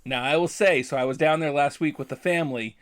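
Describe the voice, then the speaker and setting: A man's voice: on the high side, fast talker, fairly bright tone. A man co-hosting a podcast, chatting casually with a wry, rambling manner. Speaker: podcast co-host. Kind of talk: casual chat.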